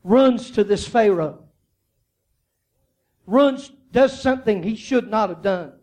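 A man preaching a sermon, moving between quiet, low storytelling and loud, high-pitched shouting, often repeating his phrases. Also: takes it slowly. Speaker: pastor.

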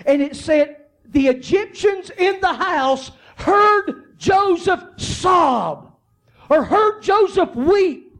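A man preaching a sermon, moving between quiet, low storytelling and loud, high-pitched shouting, often repeating his phrases. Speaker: pastor.

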